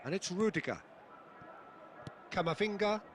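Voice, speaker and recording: A man's voice: high voice, expressive, unhurried, fairly bright tone. A man playing an adult male football play-by-play commentator in a video game, calling the match and rising on chances. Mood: commentating. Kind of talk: scripted sports commentary. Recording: game audio with noise behind.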